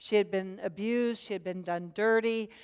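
A woman's voice: mid-range voice, steady tone, normal speed, a little mellow, smooth, big-room sound. A woman leading a group Bible study, speaking earnestly, repeating words as she starts a thought and putting questions to the group.

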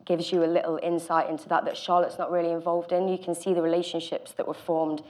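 A woman actor in a panel discussion speaks in a lowish, flat voice. She hesitates and leans on fillers as she explains her thinking. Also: fast talker.

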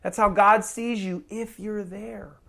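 A preacher in the middle of an evangelistic sermon, urging listeners with an insistent, pleading delivery. The voice sits at a middling pitch and keeps doubling back on its words, repeating and restarting phrases as it pushes toward a call to respond. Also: steady tone, slow, creaky, pushed and bright. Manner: pleading, repetitive and urgent.

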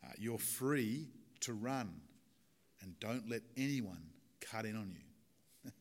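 A man's voice: fairly low pitch, animated, slow pace. A man preaching a chatty sermon in a casual, talkative manner, with fillers, then leading a prayer. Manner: chatty and warm-hearted, with fillers and small laughs. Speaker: pastor.

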